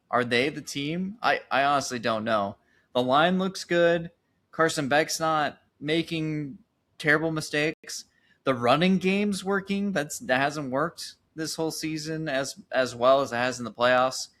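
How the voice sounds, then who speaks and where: On a sports podcast, this co-host talks in a slightly high, somewhat bright voice. He keeps things casual, working through his thoughts out loud and frequently starting over.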